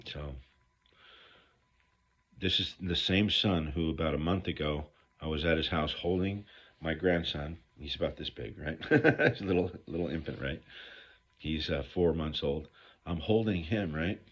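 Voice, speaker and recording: A man's voice: very deep voice, unhurried, fairly bright tone. A middle-aged man giving a candid recovery talk to viewers, blunt and profane as he rambles through his stories. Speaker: recovery speaker. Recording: dull lo-fi recording.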